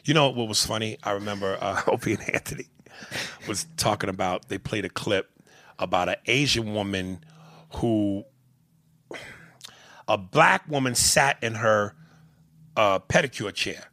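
Bright-voiced, profane podcast host. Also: male voice, lowish voice, unhurried, long pauses, dry recording. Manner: loose, profane, joking. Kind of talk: casual banter, reading listener mail.

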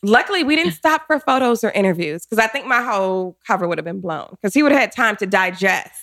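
Woman with a gravelly, fry-tinged voice. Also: mid-range voice, fast talker. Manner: animated, laughing often, acts out quoted voices. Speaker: guest telling a personal story. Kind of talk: casual storytelling chat.

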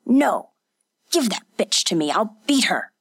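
A woman voicing a drunken, brutish old male fisherman in an audiobook, with slurred, loud speech. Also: lowish voice, moderate pace, lightly acted. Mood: drunken rage. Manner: loud, shouting threats.

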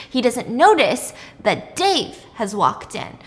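A woman casually retelling a drama plot in an animated way, acting out the characters. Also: a little high, slow. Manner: animated, acts out characters' lines. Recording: echoey room reverb.

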